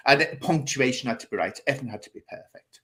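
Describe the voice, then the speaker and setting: A man's voice: mid-range voice, fast, pushed and bright. Chatty man telling a story. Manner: chatty, theatrical, laughs while telling stories. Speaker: host. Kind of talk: casual chat show storytelling.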